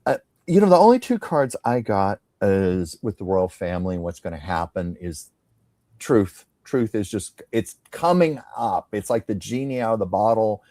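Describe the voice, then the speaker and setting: A man's voice: on the low side, expressive, normal speed, no room sound. A man hosting a casual tarot reading chat, conversational and musing. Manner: conversational, musing, drops to soft tones. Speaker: psychic tarot reader, host.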